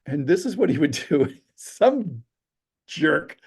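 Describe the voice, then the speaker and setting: A man telling stories as a podcast interview guest, animated and acting out the people he quotes. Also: a little high, slow, husky. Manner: animated storyteller, acts out quotes. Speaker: storyteller guest. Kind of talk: casual interview chat.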